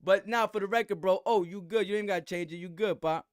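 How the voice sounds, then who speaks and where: A man's voice: high voice, fairly even intonation, fast, clear, resonant tone, no room sound, studio quality. A man hosting a livestream, giving heated, slangy commentary full of restarts. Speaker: host.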